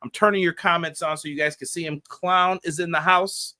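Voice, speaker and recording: Guy cohosting a wrestling pod, hyped and rushing thru shout outs, bright tone. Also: fairly high pitch, fairly even intonation. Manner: hyped, rapid shout-out reading. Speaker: podcast co-host. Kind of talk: casual podcast chat.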